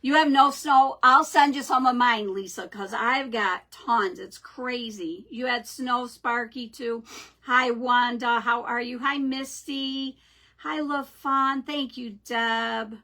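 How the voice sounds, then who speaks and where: A middle-aged woman hosts a live craft stream from home, talking slowly through a webcam mic. Her voice sits a little high and sounds bright. She chats casually and greets her viewers one by one. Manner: chatty, greets viewers warmly by name.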